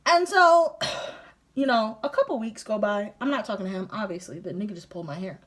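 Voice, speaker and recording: A young woman vlogger telling a story casually while doing her makeup, animated and profane, laughing often. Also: mid-range voice, brisk.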